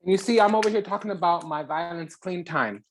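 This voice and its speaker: Give me a mid-pitched spiritual channel host doing a fiery, profane reading with big dramatic pauses. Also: slight background noise. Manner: heated and profane, swinging between loud and hushed.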